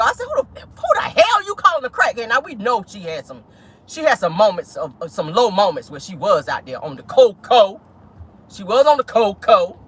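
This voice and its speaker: A celebrity gossip vlogger chatting casually from inside a car. The talk is animated and sassy, full of exclamations and crude slang. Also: mid-range voice, slightly rough.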